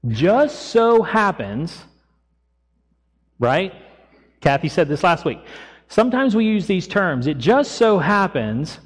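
A man preaching a sermon as pastor, retelling a Bible story in a lively storytelling way and voicing its people casually. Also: fairly high pitch. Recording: long echo of a church hall.

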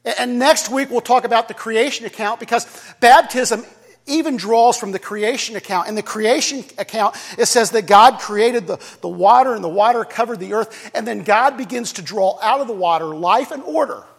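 A pastor with a very high voice and vocal fry preaches a sermon at a moderate pace, keeping it conversational with jokes, restarts and repetitions. He's in a church sanctuary, and the recording carries the long reverb of a church hall.

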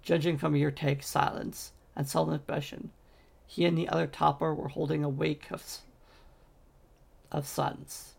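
Guy reading a fantasy book out loud, slightly high voice, raspy, trips on words now and then. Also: moderate pace. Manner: steady storytelling with occasional slips and restarts. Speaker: audiobook reader. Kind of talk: reading a fantasy novel aloud.

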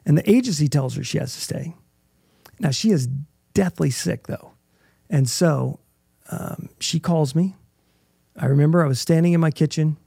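Gravelly, husky man telling his story. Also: on the high side, mellow, dry recording, clean studio sound. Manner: earnest, halting storytelling with restarts. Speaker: interview guest. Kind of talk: emotional personal testimony.

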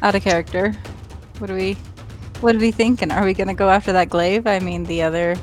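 A woman's voice: medium pitch, fairly even intonation, fast, faint music behind. A woman playing a tabletop game, laughing often and swearing in casual chat. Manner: giggly, swearing. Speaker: player.

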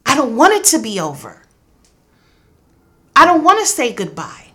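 A woman's voice: high-pitched, wildly swooping pitch, moderate pace, sharp tone. A young adult woman, a grieving mother, giving earnest, intense personal testimony in an interview, acting out what others said. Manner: earnest, intense, reenacts dialogue.

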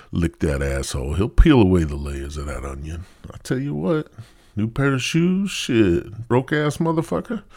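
A man's voice: fairly low pitch, darkish tone, no echo, clean studio sound. A man hosting a podcast, delivering a crude, rambling comedic monologue. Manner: rambling, profane. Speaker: podcast host.

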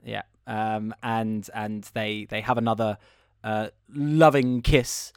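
A man's voice: lowish voice, level tone, slow, smooth, no room sound, clean studio sound. A man hosting a casual podcast, chatting animatedly about a film plot with self-deprecating asides. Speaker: podcast host and editor. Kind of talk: casual film review chat.

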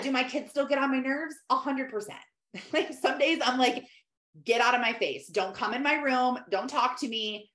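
A woman in her thirties talks straight to other mothers about faith, earnest and conversational. Her voice sits at an ordinary middle pitch. The room around her rings with a noticeable echo. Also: fairly bright tone. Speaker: host. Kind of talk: faith-based talk to mothers. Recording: echoey room.

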